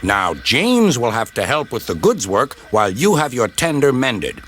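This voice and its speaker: A man's voice: mid-range voice, very animated, moderate pace, fairly bright tone. A man voicing a stern male railway boss in a storybook reading, pompous and reproving. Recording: music playing underneath.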